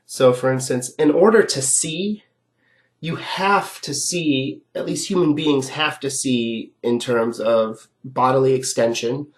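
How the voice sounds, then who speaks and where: A man with a sick, rough voice giving a recorded philosophy lecture, explaining step by step in a conversational way and often checking in with "right?". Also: medium pitch, takes it slowly.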